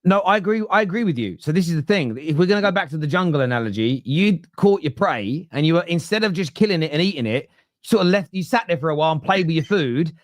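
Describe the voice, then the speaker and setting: Man, football fan debate, slightly high voice, dry close sound, rambling analogies. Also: lively intonation, fast, no room sound. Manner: rambling, builds long animal analogies, frequent restarts.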